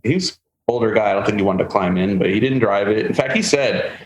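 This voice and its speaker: A man hosting a podcast, telling a long car story in a casual, animated way and acting out the people he quotes. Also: on the low side, fast. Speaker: podcast host. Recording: roomy with faint ambient noise.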